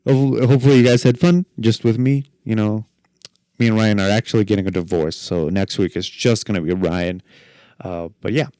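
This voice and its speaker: A man's voice: fairly low pitch, fairly even intonation, normal speed, warm tone, no room sound. A young man hosting a podcast on his own, telling rambling stories with jokes and self-deprecating asides. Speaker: podcast host. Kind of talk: solo podcast chat.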